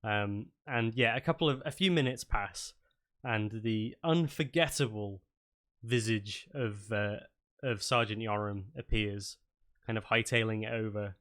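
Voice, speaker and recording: A man's voice: lowish voice, measured pace, a bit bright. Rambling man running a tabletop game. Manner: rambling, many fillers and restarts. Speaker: game master.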